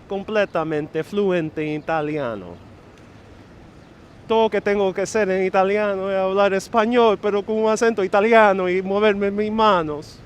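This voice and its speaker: A sarcastic, playful man hosts a live stream outdoors on a city street, laughing between jokes. His voice sits a little high, with faint traffic behind it on a wireless lapel mic. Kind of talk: joking live walking stream.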